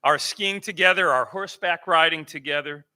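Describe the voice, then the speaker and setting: Man in his 70s, reflective eulogy for an old friend, smooth and very bright tone. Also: on the high side. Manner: reflective, measured remembrance. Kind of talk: memorial eulogy. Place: memorial service.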